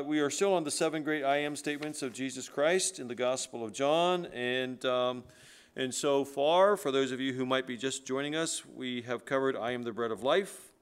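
A man's voice: medium pitch, clear, resonant tone. A man pastor giving a sermon, talking conversationally with many fillers and reading scripture with rising emphasis.

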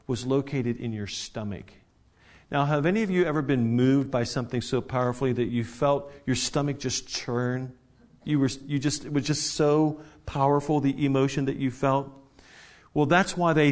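A pastor with a medium-pitched, darkish voice preaches a conversational sermon. He often restarts his sentences and puts direct questions to the congregation, becoming emphatic at key points.

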